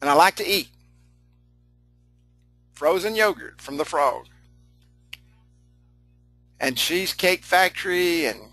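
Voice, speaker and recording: A man's voice: a little high, pushed and bright, poor audio. A middle-aged man leading a live online training session, folksy and chatty, laughing often, repeating himself and answering chat comments as he goes.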